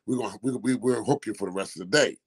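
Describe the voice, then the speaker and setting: A man's voice: lowish voice, fast talker, slightly rough, low-quality recording. A man in his sixties from Philadelphia, a former basketball player telling stories as a guest in a casual interview, acting out the quoted dialogue as he goes. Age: 60s. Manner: animated storyteller who acts out quoted dialogue.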